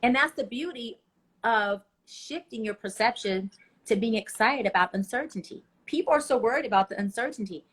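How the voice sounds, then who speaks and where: A woman guest giving passionate motivational advice in an interview, telling stories with feeling. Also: medium pitch. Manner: passionate, preachy, animated storytelling. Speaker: life coach guest.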